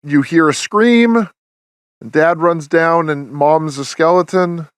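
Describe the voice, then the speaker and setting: A man's voice: fairly high pitch, slow pace, clear, resonant tone, no echo. A man hosting a podcast, chatting casually as he reviews a film, rambling with many restarts and fillers. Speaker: podcast host.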